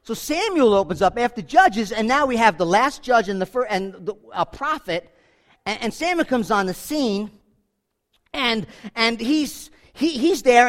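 A man preaching a sermon, animated and conversational, acting out quick voices for the people in his Bible stories. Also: very high voice. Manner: animated, acts out voices of biblical figures. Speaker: pastor.

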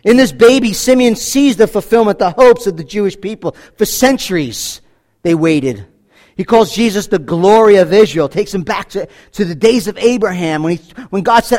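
A man preaching a sermon, shifting from loud exclamations to hushed, low tones, with conversational asides and repeated words. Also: lively intonation, moderate pace. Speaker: pastor.

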